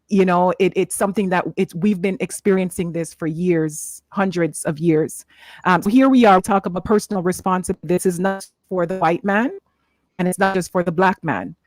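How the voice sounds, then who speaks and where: A woman's voice: fairly low pitch, normal speed, darkish tone, dry recording, soft background music. Earnest woman hosting a faith discussion. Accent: Jamaican, toned down. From Jamaica. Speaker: host. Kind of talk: faith-based panel discussion.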